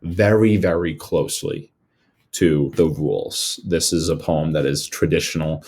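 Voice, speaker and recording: Very deep-voiced young man presenting. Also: a little slow, darkish tone, husky. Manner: casual, earnest, frequent fillers and restarts. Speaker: student presenter. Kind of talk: recorded slide presentation.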